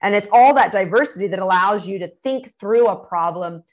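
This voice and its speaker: Middle-aged woman, keynote speaker, expressive, acts out quotes, mid pitch. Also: fairly quick. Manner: expressive, acts out quoted lines, laughs easily. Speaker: guest, communication speaker. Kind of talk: animated interview answers.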